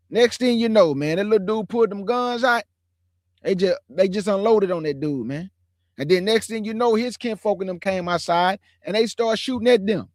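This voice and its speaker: A man's voice: sits high, moderate pace, a little mellow, no room sound. Brief: emphatic man, 40s, slangy streamer testimony, dry close sound. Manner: preachy, emphatic, repeats phrases, slangy street talk. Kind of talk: casual testimony to an online audience.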